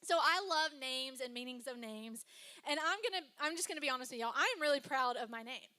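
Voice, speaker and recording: A woman's voice: high voice, expressive, brisk, pushed and bright. A young woman pastor, preaching a sermon in a chatty, personal storytelling way. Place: church stage before a congregation.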